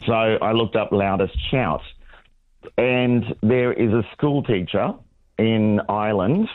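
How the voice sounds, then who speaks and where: A man's voice: lowish voice, takes it slowly, no room sound. Cheerful man on a phone line. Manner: cheerful, laughing, game for a challenge. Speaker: world record holder guest. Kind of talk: phone interview.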